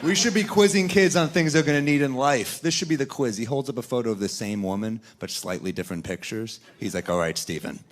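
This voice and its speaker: A man performing stand-up comedy on a club stage into a handheld mic, with a dry, deadpan delivery. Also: medium pitch, fast, few pauses, slight background noise. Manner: deadpan, dry delivery, talking back to a heckler. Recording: live club recording, laughing crowd.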